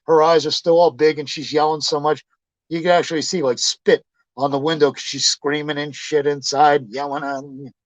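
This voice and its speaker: A man being interviewed, casually telling profane, animated stories and acting out what people said. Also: a little high, normal speed, no room sound, rough recording. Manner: profane, animated anecdotes with acted quotes. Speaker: interview guest, pro wrestler. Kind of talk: casual storytelling.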